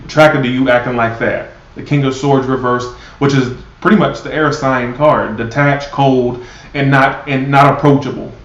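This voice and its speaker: Blunt male tarot reader, sarcastic and profane, mid-pitched, roomy lo-fi sound. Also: slight background noise. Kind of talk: live tarot reading.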